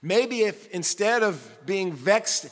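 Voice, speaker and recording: A man preaching a sermon in an emphatic way that builds toward shouting. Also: sits high, animated, takes it slowly, big-room sound.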